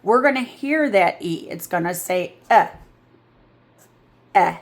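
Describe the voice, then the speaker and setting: A woman reading tutor giving a patient, drawn-out phonics lesson. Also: mid-range voice, lively intonation.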